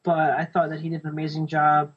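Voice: mid-range voice, completely flat delivery, quick pace, slightly rough. A podcast panelist in casual chat, giving thoughtful, hedged opinions. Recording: dull lo-fi recording.

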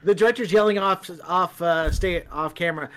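A man chats with friends while a movie plays and cracks dry jokes about it. His voice is notably high for a man. He keeps an even, casual delivery. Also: a little fast. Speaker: co-host watching a movie. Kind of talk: casual group chat over a movie.

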